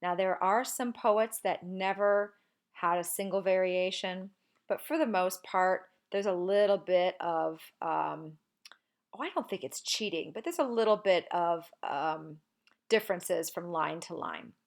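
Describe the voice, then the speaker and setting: A woman teacher giving a relaxed, informal lesson on poetry, sometimes slowing down to read verse aloud with marked stress. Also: fairly low pitch, vocal fry. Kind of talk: recorded lecture on poetry.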